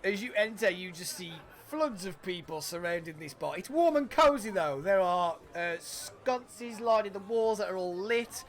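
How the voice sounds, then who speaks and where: A man narrating as game master in a casual, halting way. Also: high-pitched, animated.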